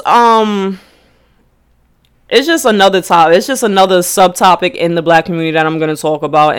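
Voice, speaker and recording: A woman ranting angrily to her camera, swearing constantly, shaking with emotion and restarting her sentences. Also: medium pitch. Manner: angry, profane, restarts often. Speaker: vlogger. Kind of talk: heated personal rant.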